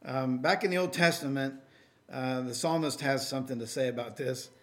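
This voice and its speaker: A man's voice: medium pitch, moderate pace. A man preaching a sermon in a conversational way, with many fillers and restarts, and reading scripture aloud in a raised, emphatic voice.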